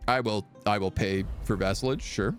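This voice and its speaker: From a home room by a window, a man streams a strategy game, chatting casually and rambling playfully between moves. He has a fairly low voice at normal speed, with soft music in the background.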